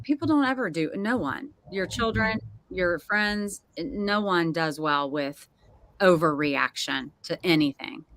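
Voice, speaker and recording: A middle-aged woman hosting a casual panel chat, emotional and expressive, often laughing. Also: lowish voice, no room sound. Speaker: host.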